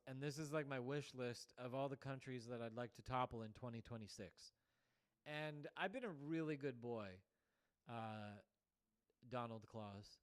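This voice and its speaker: A man's voice: medium pitch, smooth. A man hosting a show, giving a rambling political monologue full of "like" fillers. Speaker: show host.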